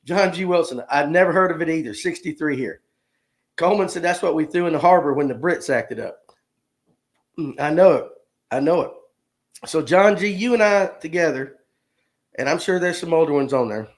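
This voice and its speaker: A man in his fifties chats casually on a live stream, folksy and joking as he reads out viewer comments. His voice sits a little higher than most men's. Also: moderate pace, long pauses. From Georgia, US. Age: 50s. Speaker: livestream host.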